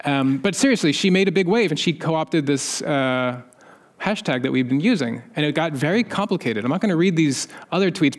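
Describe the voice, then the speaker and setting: A man speaking on a conference panel in a conversational way, with wry asides, lifting his voice when he quotes other people. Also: a little high. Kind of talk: conference talk. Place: conference stage.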